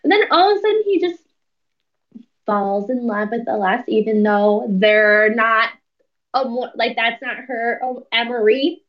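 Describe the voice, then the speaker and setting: A woman chatting casually about a book on a podcast, animated and quick to laugh. Her voice sits fairly high. She sounds a bit distant from the mic, with a dull, lo-fi tone. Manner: animated, laughs often, acts out characters' lines. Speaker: podcast co-host. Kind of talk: casual book review chat.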